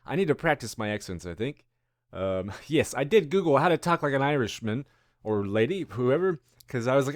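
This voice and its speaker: A man's voice: medium pitch, big pitch swings, normal speed, no room sound, studio quality. A man in his thirties hosting a casual news-commentary show, rambling and musing with self-deprecating asides. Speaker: host.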